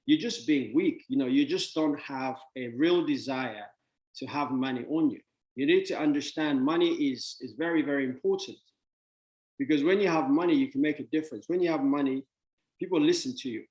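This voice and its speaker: A man's voice: medium pitch, a little mellow, echoey room. A man giving a motivational talk on money, playful with wordplay and laughs, then blunt and dismissive.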